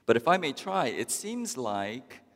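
A male pastor delivering a sermon in a slow, unhurried, wry manner, as if chatting with his congregation. His mid-pitched voice trails into long reverb across the church. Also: big pitch swings, fairly bright tone. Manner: conversational, wry, with drawn-out pauses.

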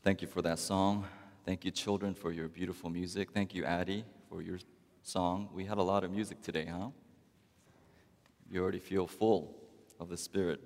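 A man preaching a sermon as pastor, talking to the congregation in a wry, conversational way with long pauses. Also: deep voice, little pitch movement, a little mellow. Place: church. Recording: long church reverb.

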